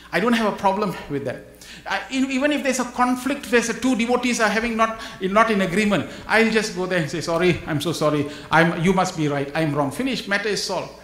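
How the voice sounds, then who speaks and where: A man giving an animated spiritual talk to a live audience, acting out little scenes and chuckling often. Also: very high voice. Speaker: guest speaker at a spiritual gathering. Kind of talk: spiritual talk with humorous anecdotes. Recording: roomy hall echo.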